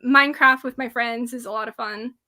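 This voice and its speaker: Bright, high-voiced young woman. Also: steady tone, fairly quick. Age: 20s. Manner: bubbly, giggly, heavy use of "like". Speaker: guest, paranormal radio host. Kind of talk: casual chat.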